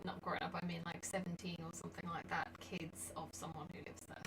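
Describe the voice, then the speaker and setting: A woman's voice: fairly low pitch, level tone, brisk. A woman with an English accent co-hosting a casual chat, talking in an easygoing, rambling way. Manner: easygoing, rambling, laughs easily. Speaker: co-host of a dance channel Q&A. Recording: distant mic with background noise.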